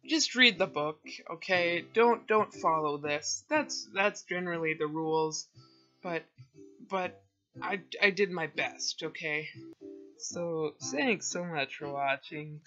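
Rambling male vlogger with a bright, sharp voice and a slow, unhurried delivery, on a dull lo-fi recording. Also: high-pitched, soft background music. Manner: hesitant, rambling, self-deprecating, with many fillers and restarts. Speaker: video creator summarizing a book. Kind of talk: casual rambling summary.

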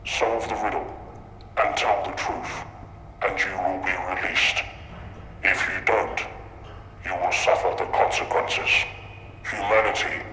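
An actor playing an unseen captor who lays down rules to his prisoners in slow, solemn pronouncements. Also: fairly low pitch, noisy background, natural voice. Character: unseen male captor voice judging captives, cold and menacing. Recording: echoey voice over loud music.

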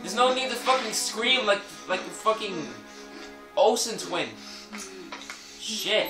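A man commentates on a video game, cursing constantly and breaking into loud outbursts and laughter. His voice is high and his pace is slow and drawn out. The room echoes, and game music plays behind him. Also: distant mic. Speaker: gameplay commentator. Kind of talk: let's play commentary.

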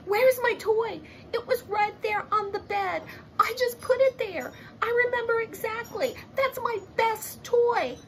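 Lady doing a whiny little girl voice, super high and squeaky, kinda gravelly. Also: animated, a little slow, a little hiss or hum, full character voice. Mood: upset. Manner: whiny, indignant. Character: upset demanding little girl.

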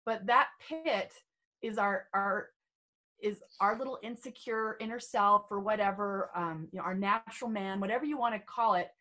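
A woman's voice: mid-range voice, normal speed, bright, forceful tone. Bubbly, self-assured middle-aged woman. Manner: bubbly, playful and self-assured, with lots of "right?" tags. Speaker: guest, beauty trainer and author. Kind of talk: casual podcast chat.

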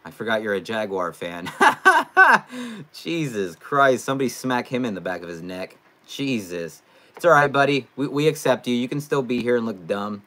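A young man from California hosting a casual live stream, reading out comments in a loose, chatty way that jumps into loud excitement. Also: lowish voice, normal speed, hardly any pauses. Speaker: live streamer, sports fan channel host.

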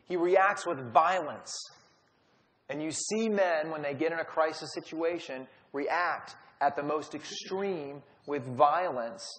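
Man teaching a Bible study, casual storyteller, slightly high voice, long hall reverb. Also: slow, fairly bright tone. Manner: storytelling, acts out quotes.

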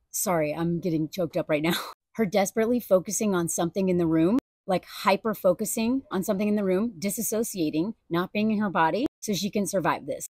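A woman's voice: medium pitch, a little mellow, no room sound. Woman, personal commentary, earnest, emotional, chatty, dry recording. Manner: casual fillers and direct address. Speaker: video creator.

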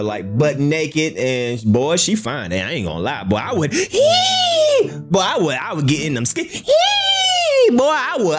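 A man in talks through a clip in a loose, joking reaction-video style. His pitch swings widely and he breaks into loud yelps and laughter. Faint music sits behind him. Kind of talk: casual reaction commentary.

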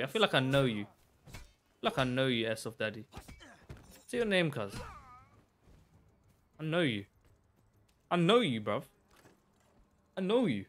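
A young man giving chatty live commentary while playing a game, excitable and bursting into shouts. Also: mid-range voice. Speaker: live streamer.

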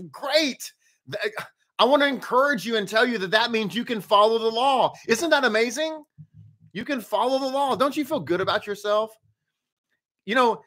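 Upbeat bright-voiced rabbi. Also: male voice, high voice. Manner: upbeat, chatty, talks straight to viewers with rhetorical questions. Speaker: rabbi teaching a daily Torah study. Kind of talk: live-streamed teaching and greetings to viewers.

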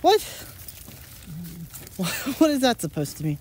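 A chatty woman vlogger talking through her day at home. Her pitch bounces around a lot as she jokes and coos at her pets. A faint hiss sits under the recording. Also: wildly swooping pitch, takes it slowly, darkish tone. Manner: chatty, playful, talks to pets in silly voices. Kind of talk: casual family vlog chat.

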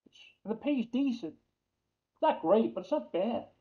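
In dull, lo-fi lecture audio, a New York-accented man with a very high, expressive voice talks through accounting at a moderate pace. He's chatty, repeats key terms, and quizzes the class.

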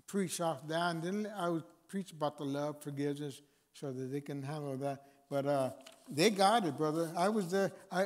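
A man speaking as a guest chaplain, preaching informally to a men's meeting with repeated phrases and fillers. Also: fairly high pitch. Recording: long reverb of a hall.

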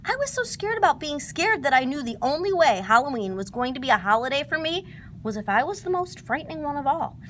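A woman's voice: high-pitched, very animated, a little fast, a bit bright, a little hiss or hum, voice pushed up. A woman voicing a small, timid male piglet who speaks in a very small, shy voice in a storybook reading.

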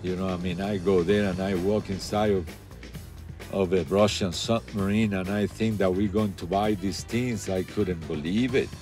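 A man with a Cuban accent recounts his past in a documentary interview, voice sitting low. He swears constantly and plays out the other people in his story. Soft music runs quietly behind him. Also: moderate pace. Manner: profane, animated storyteller acting out quotes.

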